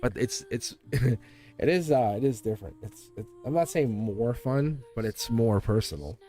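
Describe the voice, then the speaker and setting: A man's voice: mid-range voice, a little slow, dark tone, soft background music. A middle-aged man with a Boston accent doing a chatty, giggly live tarot reading and talking straight to viewers. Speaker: tarot reader.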